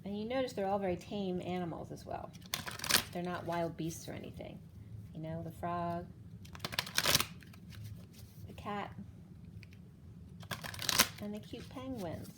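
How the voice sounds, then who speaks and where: Woman, card reader, chatty and giggly, slightly low voice. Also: measured pace, pauses often, heavy background noise. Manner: chatty, laughs often, emotional asides. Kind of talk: casual spoken card reading.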